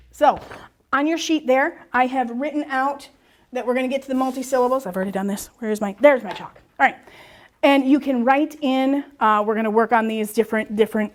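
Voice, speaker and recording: A woman teaching a class on spelling and syllable rules, encouraging and asking questions she answers herself. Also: a little high. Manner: lively, encouraging, asks and answers her own questions.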